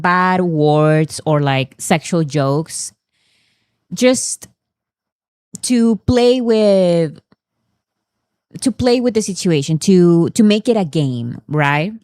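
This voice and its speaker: A woman's voice: lowish voice, a little mellow, no echo, clean studio sound. A woman hosting a casual commentary, translating fan clips in a chatty way with fillers and restarts. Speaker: host.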